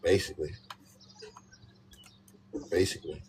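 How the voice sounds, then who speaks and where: A man's voice: low-pitched, unhurried. A man giving a casual tarot reading, talking emphatically and repeating his points with many "you know what I'm saying" asides. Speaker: tarot reader. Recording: steady background noise with birdsong.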